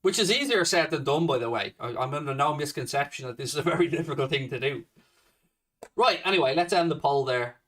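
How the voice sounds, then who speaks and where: A man's voice: fairly high pitch, animated, fast talker, fairly bright tone, distant mic. A man hosting a casual fan livestream, swearing heavily and ranting confrontationally at a viewer. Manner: swears a lot, confrontational rant at a commenter. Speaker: livestream host.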